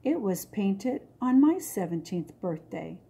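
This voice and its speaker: Woman doing a stately queen mother, calm, measured, slow, mellow husky voice. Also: mid-range voice, full character voice. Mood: gentle. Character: gentle, stately middle-aged queen mother.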